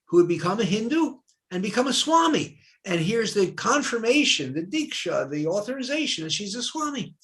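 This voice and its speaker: An older man, a retired professor from the United States, telling personal stories in a conversation and acting out the voices he quotes. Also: on the high side. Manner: animated, acts out quoted voices. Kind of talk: storytelling in a dialogue.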